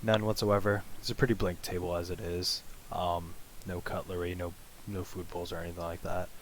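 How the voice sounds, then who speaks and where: A man's voice: low-pitched, flat delivery, normal speed, slight background noise, low-quality recording. Rambling man running a tabletop game. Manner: casual, rambling narration with fillers. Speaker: game master. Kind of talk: narrating a tabletop role-play.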